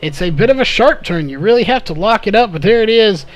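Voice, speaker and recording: A man calling a live race play-by-play, slightly hoarse from losing his voice, with frequent "uh" fillers. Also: sits high, lively intonation, fast. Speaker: race commentator.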